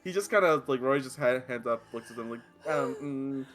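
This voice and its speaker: A man playing in a tabletop role-play game, laughing often and voicing his character's lines slowly and pleadingly. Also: mid-range voice, heavy background noise. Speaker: player.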